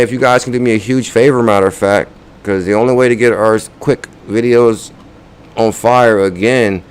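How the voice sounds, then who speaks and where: A man's voice: lowish voice, clean tone. A man hosting a crypto channel, chatting loosely with viewers, counting down names and urging likes and comments. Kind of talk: casual livestream chat.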